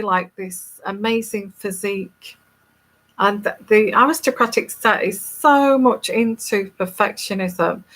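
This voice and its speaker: A woman's voice: medium pitch, a bit bright. A woman with a neutral English accent, a tarot reader talking casually to viewers in a rambling, emphatic and scornful way.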